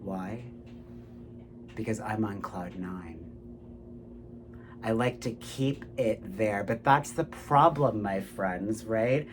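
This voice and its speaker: A man's voice: fairly low pitch, slow, long pauses, noisy background. A man delivering a ranting political monologue. He swears a lot and keeps turning to the listener with "my friends, right?". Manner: animated, profane, keeps saying "my friends, right?".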